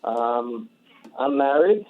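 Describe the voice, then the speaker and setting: A man calling into a radio show over the phone, explaining his case haltingly with many pauses. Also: mid-range voice, lively intonation. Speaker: caller. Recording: tinny phone line.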